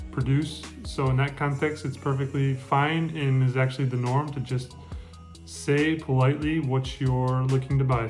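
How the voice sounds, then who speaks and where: A man giving a casual spoken lesson on getting by in France, relaxed and full of ums and restarts. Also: mid-range voice. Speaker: French language teacher. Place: lives in France.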